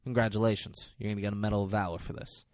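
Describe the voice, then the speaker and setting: A man doing a smooth-talking menacing veteran cop. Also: on the low side, level tone, very fast, a little mellow, dry recording, studio quality, voice pushed down, close to an everyday voice. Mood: coolly menacing.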